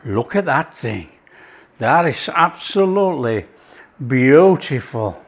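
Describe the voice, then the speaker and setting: A man's voice: mid-range voice, sing-song, slow. A man hosting his own cooking channel, chatting enthusiastically to viewers as he demonstrates a recipe.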